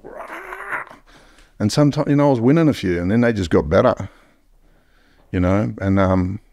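A man's voice: low voice, creaky, a little mellow, no room sound, studio quality. An Australian man telling stories as a podcast guest in a blunt, heavily profane way. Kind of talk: casual storytelling.

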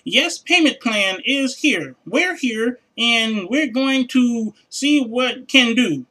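A man mimicking a male customer service agent on the phone, with slow, halting, broken phrasing. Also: very high voice, lively intonation, fairly bright tone, exaggerated voice, low-quality recording.

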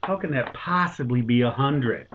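A man's voice: medium pitch, normal speed, heavy background noise, pitched above the performer's own voice, natural voice. A man voicing a puzzled male store manager, polite and baffled. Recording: tinny phone-like sound.

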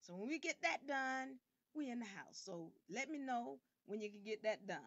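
A woman hosting an online game show livestream. She talks emphatically and sometimes bursts out loudly. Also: fairly high pitch, moderate pace, no room sound, highs cut off. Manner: animated and emphatic, bursts into loud outbursts. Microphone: camera rig.

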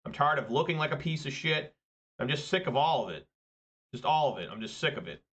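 Here a streamer, an adult husband and father, complains to his audience in a loose rant, cursing freely and mocking himself in exasperation. He talks fairly quickly in a fairly high voice with lively intonation, a bit bright with a breathy edge.

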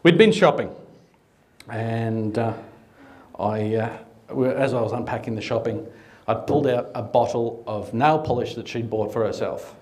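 A middle-aged Australian man does stand-up, delivering dry, conversational anecdotes with good comic timing. His voice is medium in pitch and slightly mellow, and he talks at an ordinary speed.

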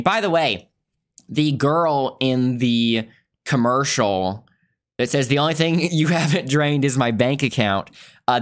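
Chatty man explaining film trivia. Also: mid-range voice. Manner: talkative, explains background at length. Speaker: podcast host reviewing a film. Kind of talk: casual review chat.

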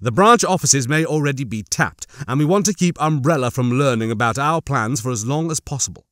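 A man voicing a calm male team leader who speaks formally and lays out plans in a measured way, in an audiobook. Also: medium pitch, dry recording, clean studio sound, natural voice.

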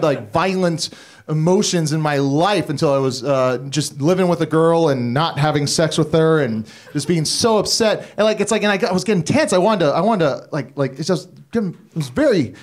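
On a comedy club stage, a stand-up comedian with a fairly high voice and moderate pace rambles through a self-deprecating set. He stammers, restarts, and drops profane asides. It's a live club recording, with the audience laughing in the background.

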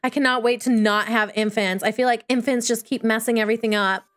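A chatty woman narrates her game with bubbly excitement. Her voice sits fairly high and bounces up into squeals when something goes well. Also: fairly quick. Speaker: gaming YouTuber. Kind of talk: Let's Play commentary.

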